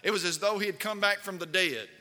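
This pastor's high-pitched voice comes out bright and forceful at a quick pace. His sermon is full of stories and questions put to the congregation, with a long hall reverb on the sound.

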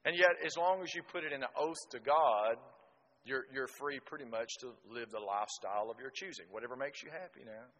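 A preacher with a bright, forceful voice delivers a sermon in folksy storytelling fashion. He swings from loud exclamations to hushed asides. His voice carries a long hall reverb. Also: medium pitch, a little fast, highs cut off.

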